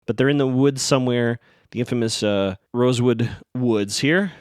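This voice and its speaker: A man's voice: mid-range voice, moderate pace, darkish tone, clear, resonant tone, no room sound, studio quality. A man hosting a podcast, recapping a TV episode in a rambling, sarcastic, amused way. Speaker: podcast host.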